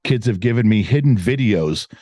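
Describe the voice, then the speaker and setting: A middle-aged man, speaking with a lively, swinging pitch and a dark, mellow tone. He makes his case emphatically, often repeating words for stress. The recording is dry, with no room echo. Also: moderate pace. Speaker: guest commentator. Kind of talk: opinionated casual chat.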